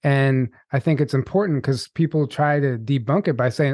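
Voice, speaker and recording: A man hosting a podcast, calm and supportive, with short agreements and steady talk. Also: on the high side, brisk, hardly any pauses, no echo, studio quality. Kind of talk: casual conversation.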